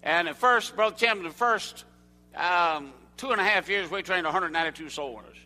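An older Southern American man preaches in a folksy way, calling questions out to the congregation. His voice is high and bright, and it rings with the long reverb of a church sanctuary. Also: animated, moderate pace. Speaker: evangelist. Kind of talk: sermon.

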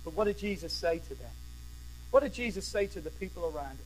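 A man with a high voice preaches a sermon, rousing his listeners and calling on them to respond. He swings from loud declarations to quieter, slower storytelling. A faint electrical hum sits under the recording. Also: lively intonation, low-quality recording. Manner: rousing, call-and-response with the congregation.

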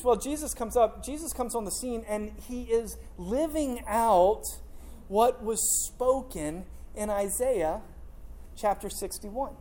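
A preacher with a dark, mellow tone addresses a church congregation in an easygoing, chatty manner. The delivery is that of a joking storyteller who keeps things light and informal. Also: medium pitch. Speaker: pastor. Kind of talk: sermon.

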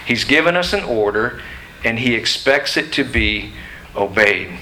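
A man's voice: mid-range voice, expressive, a little slow, sharp tone, a little hiss or hum, rough recording. A middle-aged man preaching a sermon in a church, emphatic and questioning his listeners. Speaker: pastor. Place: church sanctuary.

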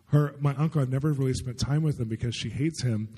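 A man voicing a young runaway teenage girl who tells her story in a breathless rush, in his own husky voice. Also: mid-range voice, fast, mellow, close to an everyday voice. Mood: hopeful. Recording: long hall reverb.

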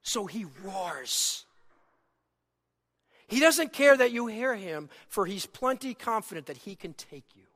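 A man preaching a sermon as a pastor, swinging between loud, emphatic lines and hushed, quiet ones. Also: sits high. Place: church sanctuary. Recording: long hall reverb.

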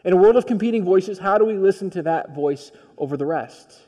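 A male pastor preaching a sermon, telling a story in a personal, conversational way that swings from quiet to emphatic. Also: sits high, lively intonation, fairly quick, in a large hall.

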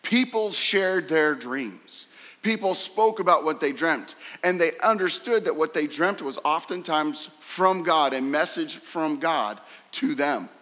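A man preaching a sermon, emphatic and fond of rhetorical questions, sometimes jumping sharply higher to act out a scornful voice. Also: animated, measured pace, fairly bright tone. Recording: long hall reverb.

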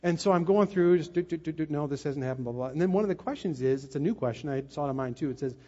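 A middle-aged man preaching a sermon, telling a family story with animated asides to his congregation. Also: fairly high pitch, rapid-fire. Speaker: pastor. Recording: muffled, long hall reverb.

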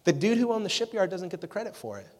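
A man's voice: high-pitched, big pitch swings, fast, a little mellow. A man giving a youth sermon as a pastor, telling stories casually and animatedly and often checking in with "right?". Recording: echoey hall reverb.

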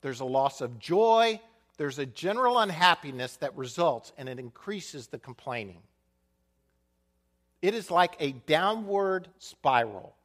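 A male pastor delivers a sermon with animated energy. His slightly high voice leaps around in pitch. He falls into a hushed mutter when he imitates people complaining. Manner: animated preaching with dramatic dips to a quiet voice.

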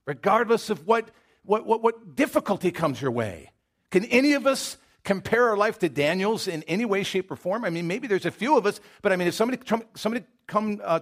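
A man preaching a sermon in a conversational storytelling manner, addressing the congregation directly. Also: high-pitched.

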